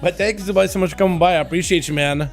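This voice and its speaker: A man with a hoarse, scratchy voice, hosting a live game stream, chatting with viewers and calling matches play-by-play. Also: sits high, racing, faint music behind. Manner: friendly, addresses chat as boys.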